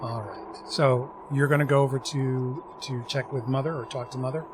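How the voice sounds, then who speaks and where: A man's voice: medium pitch, fairly even intonation, normal speed. A man running a tabletop game as game master who asks the players short, practical questions. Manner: brief procedural questions. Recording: noisy background.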